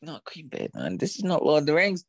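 A man's voice: a little high, vocal fry, no room sound. English guy cohosting a movie podcast, voice swings up and down a lot, super dry sound. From England. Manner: lively, jokey, quick agreeing interjections. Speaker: podcast co-host. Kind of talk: casual film review chat.

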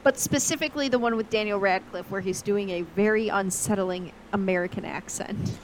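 A woman's voice: medium pitch, a little fast, a little hiss or hum, rough recording. A woman co-hosting a podcast, chatting in a rambling, self-deprecating way. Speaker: podcast co-host. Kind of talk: casual chat.

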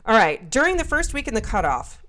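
A woman's voice: fairly high pitch, big pitch swings, brisk, a bit bright. A woman co-hosting a casual podcast, reading history notes aloud and explaining them in a loose, swearing, chatty way. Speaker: podcast co-host.

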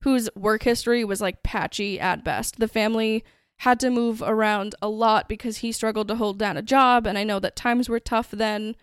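A woman's voice: fairly high pitch, steady tone, normal speed, few pauses, clear, resonant tone, dry recording, studio quality. A woman hosting a true-crime podcast, telling the story in a chatty, conversational way. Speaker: podcast host.

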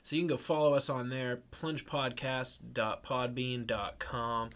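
Bright young man reading a plug. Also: mid-range voice, level tone, normal speed, clear, resonant tone. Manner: playful, upbeat. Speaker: podcast co-host. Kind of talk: casual banter and read sponsor plug.

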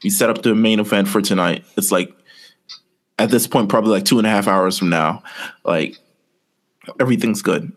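Podcast co-host, male, lowish voice, loose rambling storyteller, casual chat. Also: normal speed, long pauses. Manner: rambling, filler-heavy storytelling.

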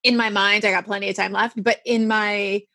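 A woman in her forties hosting a casual chat, frank and animated, swearing freely and laughing often. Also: medium pitch, fairly quick, no room sound. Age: 40s. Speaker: podcast host.

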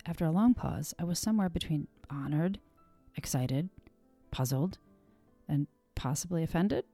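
A woman's voice: low voice, moderate pace, dark tone, soft background music. A woman hosting a podcast, telling her own story in scripted narration with a wry, self-deprecating manner.

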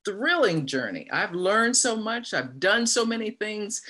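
An older woman, a guest on an interview podcast, telling stories in a lively, laughing way. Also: medium pitch, unhurried. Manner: lively, laughing, animated storyteller. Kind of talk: casual interview.

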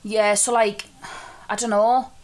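A woman's voice: mid-range voice, flat delivery, takes it slowly. A woman co-hosting a podcast, teasing her friend and telling stories with swearing and laughter. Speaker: podcast co-host. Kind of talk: casual chat.

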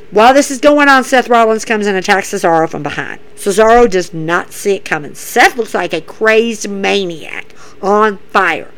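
A woman's voice: medium pitch, normal speed, low-quality recording. A woman hosting a podcast, giving a chatty, repetitive play-by-play recap in a casual commentary style. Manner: chatty, repeats herself, animated play-by-play. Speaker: podcast host.

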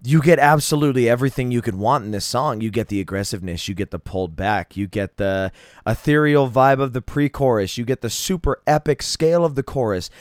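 A man's voice: medium pitch, a little fast, no echo, studio quality. A man hosting a solo podcast, talking casually and enthusiastically about songs he loves, rambling and swearing freely. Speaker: podcast host. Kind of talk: casual solo music review.

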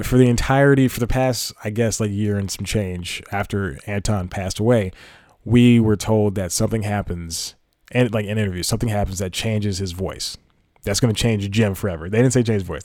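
Podcast dude rambling, keeps correcting himself, kinda low voice, dry mic. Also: male voice, a little mellow, dry recording. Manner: rambling, self-correcting, laughs at own slips. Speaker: podcast host. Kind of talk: casual solo podcast talk.

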